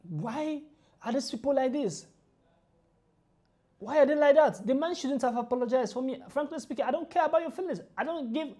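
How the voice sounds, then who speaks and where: A woman ranting through a reaction video, emphatic and indignant, repeating her points forcefully. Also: high voice.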